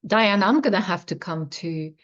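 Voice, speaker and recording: A woman interviewer asking enthusiastic, soft-spoken questions over a video call. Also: mid-range voice, expressive, moderate pace, lo-fi sound.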